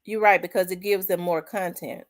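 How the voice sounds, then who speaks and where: A woman's voice: fairly low pitch, fairly even intonation, moderate pace. Emphatic woman preaching to her channel. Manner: repetitive, emphatic, scripture-quoting, colloquial. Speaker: channel host. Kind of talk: emotional preaching-style monologue.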